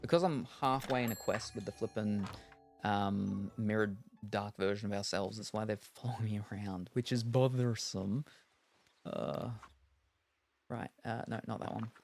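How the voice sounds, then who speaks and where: A woman's voice: a bass voice, moderate pace, darkish tone, soft background music. A woman streaming a cozy video game, chatting in a wry, rambling way as she plays. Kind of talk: casual gameplay chat.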